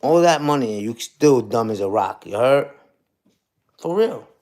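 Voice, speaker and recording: A man's voice: medium pitch, lively intonation, unhurried, darkish tone. A man streaming live, ranting and taunting in a casual way and repeating "you heard?" over and over. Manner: taunting, repetitive, peppers lines with "you heard?".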